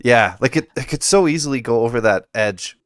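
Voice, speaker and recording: A man's voice: mid-range voice, animated, fairly quick, a bit bright, no echo, clean studio sound. A man on a movie panel, talking hesitantly and searching for words. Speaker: panel guest. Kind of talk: casual movie discussion.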